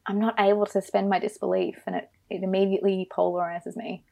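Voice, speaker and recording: A woman's voice: mid-range voice, flat delivery, fast talker, gravelly, warm tone. A woman co-hosting a casual film-review podcast, ranting with emphatic disbelief. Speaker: podcast co-host.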